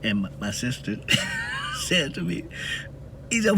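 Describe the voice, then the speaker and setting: A man's voice: on the high side, wildly swooping pitch, normal speed, long pauses, a bit bright, a little hiss or hum. A man from the Southern US talking to camera in a casual, preaching monologue and laughing often between points. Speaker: video blogger.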